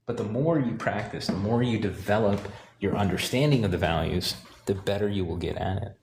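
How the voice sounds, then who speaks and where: A man teaching painting, talking calmly and thinking aloud while he works, sometimes correcting himself. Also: on the low side, fairly quick, slight background noise. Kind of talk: live painting demonstration.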